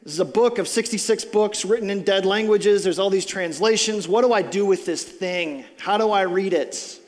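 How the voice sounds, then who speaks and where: A man preaching from the front of a church, telling a story in an animated, conversational way with lots of "like" and "I'm like". His voice sits unusually high for a man. It rings with the long reverb of a large hall. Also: normal speed. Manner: animated storytelling, casual filler words. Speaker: pastor. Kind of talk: sermon.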